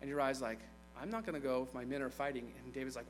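A man's voice: mid-range voice, steady tone, quick pace, faint music behind, low-quality recording. A man preaching a sermon in a conversational way, retelling scripture with playful asides.

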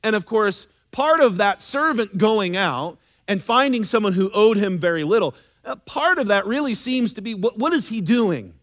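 A man with a high-pitched voice delivers a sermon in an earnest, conversational manner. He often sinks his voice low and quiet to stress a point. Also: expressive, normal speed. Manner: earnest, conversational preaching with dramatic drops in voice. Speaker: preacher.

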